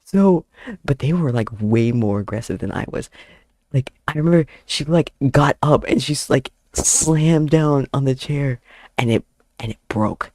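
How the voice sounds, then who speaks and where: A man's voice: medium pitch, measured pace, darkish tone, no room sound. A young man telling a rambling story with frequent giggles while he draws, chatting casually on his channel. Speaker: artist streamer. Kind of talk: casual chat while drawing. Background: faint background music.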